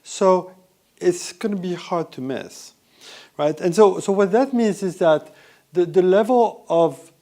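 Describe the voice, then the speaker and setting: A man's voice: high-pitched, lively intonation, measured pace, dark tone. A man giving a conversational business keynote at a conference, with restarts and rhetorical questions. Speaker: conference speaker.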